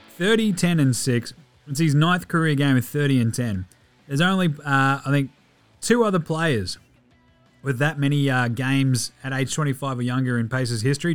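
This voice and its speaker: A man with an Australian accent hosting a casual basketball recap podcast, sweary and excitable, mocking players in silly voices. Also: on the high side. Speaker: podcast host.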